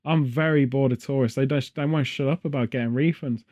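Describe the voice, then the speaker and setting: A man's voice: mid-range voice, steady tone, brisk, a little mellow. A man hosting a casual podcast chat, rambling from one story to the next with jokey asides and puns. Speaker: podcast host.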